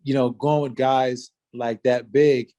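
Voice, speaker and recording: Man, 40s, interview guest; relaxed storyteller, mid-pitched, loose and filler-heavy. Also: takes it slowly. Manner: laid-back, animated retelling with many fillers. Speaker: interview guest, former fighter. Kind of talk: casual storytelling.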